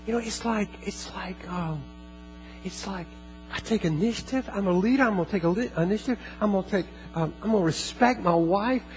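A man preaching a sermon as pastor, earnest, repeating phrases and slowing down for emphasis. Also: high voice, faint music behind, low-quality recording.

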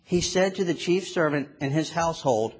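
A man delivers a sermon with earnest, measured phrasing. His voice is husky and sits a little high. He talks like a preacher, prayerful and steady.

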